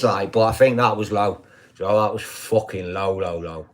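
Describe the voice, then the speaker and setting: An older man holds forth in a loose, rambling live-stream chat. His voice sits on the low side, and he swears freely and keeps checking in with "do you know what I mean.". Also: normal speed.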